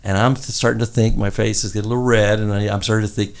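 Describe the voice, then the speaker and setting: Older man with a gravelly low voice. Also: level tone, rapid-fire. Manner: rambling, repeats words, acts out quoted voices. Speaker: guest. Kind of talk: storytelling in a conversation.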